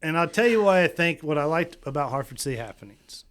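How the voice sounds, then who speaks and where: A man's voice: fairly high pitch, animated, quick pace, fairly bright tone. Blunt teasing male podcast co-host. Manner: blunt, teasing, restarts sentences. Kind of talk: casual local podcast chat.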